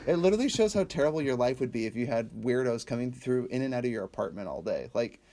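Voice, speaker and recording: A young man with a lively, often laughing way of talking, co-hosting a casual chat about movies. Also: mid-range voice, fast talker, a little hiss or hum. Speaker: podcast co-host.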